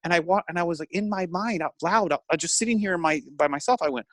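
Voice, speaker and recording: Rambling, animated podcast co-host man. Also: high-pitched, fast talker, no echo. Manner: rambling, animated storytelling with laughs. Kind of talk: casual chat.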